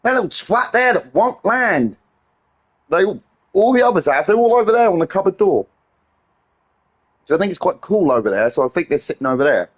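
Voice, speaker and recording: This is a gaming streamer in full exasperated rant mode, swearing at nearly every turn. The voice sits at a middling pitch but leaps up and down with lively, animated swings. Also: a little fast, pauses often. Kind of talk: live stream chat.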